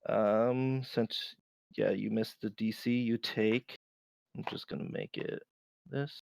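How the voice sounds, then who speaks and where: A man narrating as game master of a tabletop game, relaxed and unhurried, with many fillers. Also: on the low side, vocal fry, dry recording, studio quality.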